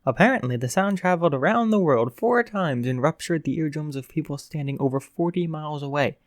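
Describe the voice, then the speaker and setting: A man's voice: on the high side, brisk, dry recording, studio quality, natural voice. Man doing a shy stammering teen boy. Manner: hesitant, stammering, soft. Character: shy, flustered teenage boy hero student. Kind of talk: fan fiction read aloud.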